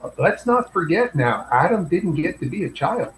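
A man thinking aloud in a group Bible discussion, halting and searching for words with many restarts. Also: fairly high pitch, very animated, echoey room, a little hiss or hum, rough recording. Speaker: Bible study participant.

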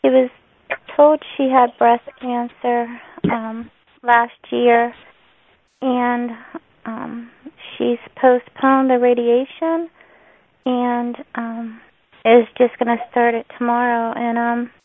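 A woman's voice: on the high side, flat delivery, takes it slowly, no echo. A woman caller with a northern US accent making a prayer request, hesitant and full of "um"s. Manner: hesitant, many "um"s. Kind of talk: casual prayer request on a call. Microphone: phone on a conference call. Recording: tinny phone line.

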